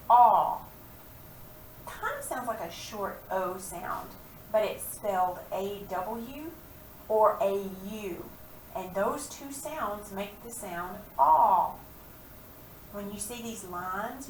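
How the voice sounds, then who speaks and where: Recorded from a distance in an echoey space with a faint hiss or hum, a medium-pitched woman gives a phonics lesson to kids. She patiently elongates words and sounds at a slow pace.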